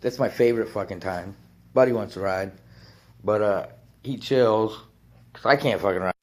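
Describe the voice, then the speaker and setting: A man's voice: fairly low pitch, moderate pace. A man telling a rambling biker story in casual talk, swearing often and laughing between lines.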